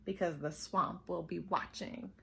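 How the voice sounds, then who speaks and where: A woman's voice: fairly low pitch, fairly even intonation, measured pace, creaky, a bit bright, breathy edge, pitched below the performer's own voice, full character voice. A woman voicing a strict, scary substitute teacher with a scratchy voice who barks orders at a class. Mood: stern. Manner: bossy, barking orders.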